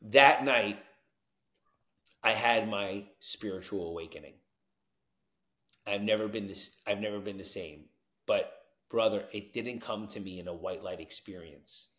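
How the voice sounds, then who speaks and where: Animated storyteller. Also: male voice, on the low side, unhurried, long pauses, reverberant. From New Jersey. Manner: animated, swings from hushed to loud whoops. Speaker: guest, recovery coach. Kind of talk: storytelling in a podcast interview.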